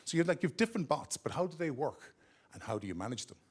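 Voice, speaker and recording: A man's voice: a little high, big pitch swings, quick pace, breathy edge. A man giving a conversational business conference talk, often checking in with his audience. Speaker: conference presenter. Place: conference room at a corporate office.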